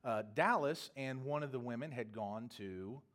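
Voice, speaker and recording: A man's voice: medium pitch, moderate pace, fairly bright tone. A man preaching a sermon as a pastor, telling a long, humorous travel story in a rambling, self-correcting way.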